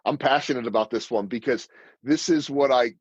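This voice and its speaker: A man's voice: medium pitch, a little fast, husky, no echo, highs cut off. A man in his fifties, a sports broadcaster guest telling stories in an interview and acting out the lines he quotes. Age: 50s. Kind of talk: storytelling interview answers.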